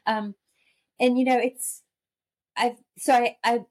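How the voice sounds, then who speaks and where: A woman speaking as a guest expert in a podcast conversation, explaining in a measured way with frequent fillers. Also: a little high, level tone, darkish tone. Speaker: guest expert on missing periods.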